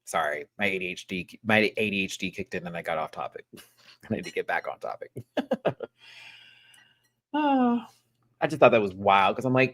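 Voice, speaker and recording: A reviewer in a casual live review, talking animatedly with sassy asides and sudden high-pitched exclamations. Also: sing-song, moderate pace, long pauses, fairly bright tone. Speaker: show reviewer.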